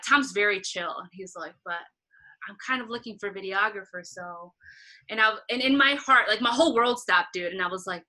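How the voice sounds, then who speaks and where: A woman concert photographer telling a story in a casual interview, animated and acting out what others said, laughing often. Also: mid-range voice, fairly quick, low-quality recording. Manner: animated, acts out quoted voices, laughs often.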